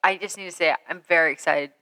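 A woman's voice: on the low side, fairly even intonation, fast talker, bright, forceful tone, poor audio. A woman co-host in casual chat, teasing and amused as she listens to a story being read. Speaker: podcast co-host.

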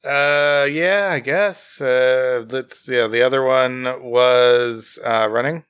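A man's voice: medium pitch, takes it slowly, clean tone, dry recording. A man in casual chat as a podcast co-host, joking and restarting his sentences. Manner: animated, joking, stammering restarts. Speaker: podcast co-host making the gamebook choices.

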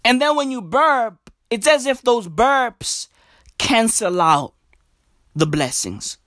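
A woman doing a profane, slang-filled comedic rant, repeating her catchphrases and slipping into soft mock-polite asides. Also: fairly high pitch, animated, slow pace, dry recording, clean studio sound.

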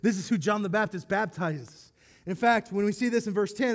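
A man's voice: sits high, normal speed. A male pastor preaching a sermon in an enthusiastic, conversational way, with self-deprecating humor.

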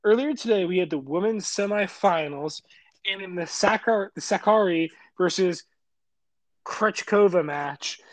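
A man's voice: sits high, no echo. Heated young man ranting on a podcast. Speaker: podcast co-host. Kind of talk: casual podcast chat.

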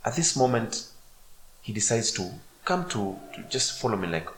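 Lowish-voiced man telling his story. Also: moderate pace, slight background noise. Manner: animated, many fillers and restarts. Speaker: podcast guest. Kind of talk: storytelling a personal testimony. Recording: roomy echo.

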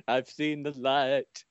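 A man's voice: medium pitch, smooth, no room sound. A laid-back man chuckling through a casual group movie commentary. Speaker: commentator riffing on a film. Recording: dry, lo-fi podcast audio.

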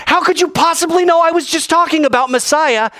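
A man voicing an excitable young male disciple who shouts in high-pitched, gasping disbelief. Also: fairly quick, no room sound. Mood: astonished.

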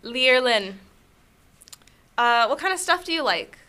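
A woman hosting a comedy podcast, her voice high and bright. She plays the straight interviewer, feeding question after question in a playful tone. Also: animated, fairly quick, slight background noise. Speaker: podcast host.

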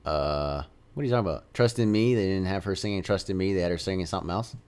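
A man's voice: low voice, clean tone. A man co-hosting a casual chat, laughing often and arguing his points back. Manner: quick to laugh, animated, interjects and argues back.

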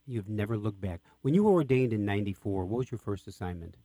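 Mellow low-voiced male interviewer. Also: lively intonation, fast, dry recording. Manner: enthusiastic, prompting questions. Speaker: radio interview host. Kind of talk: interview conversation.

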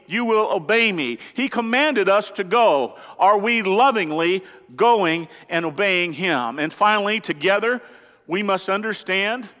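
A man's voice: sits high, bright, forceful tone. A man preaching a sermon as pastor, earnest and emphatic, asking the congregation rhetorical questions. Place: church sanctuary. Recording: church hall with long reverb.

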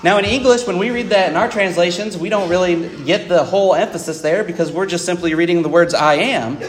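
A man's voice: high voice, brisk, hardly any pauses, long reverb tail, slight background noise. A man preaching a Sunday sermon in a church, talking conversationally to the congregation with frequent fillers and asides. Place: church auditorium.

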